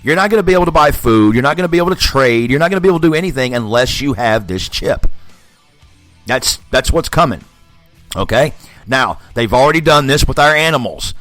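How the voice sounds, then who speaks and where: Profane ranting man with a lively voice. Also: medium pitch, fairly quick, no echo, soft background music. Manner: profane, blunt, animated, laughs often. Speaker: podcast host. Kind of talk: ranting solo monologue.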